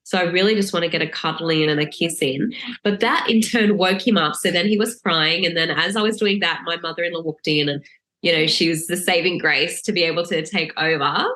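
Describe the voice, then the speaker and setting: Bright, animated woman telling a story. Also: on the low side, fairly quick, roomy sound. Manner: lively, laughing, acts out quoted lines in a raised voice. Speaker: podcast guest. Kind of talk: casual storytelling.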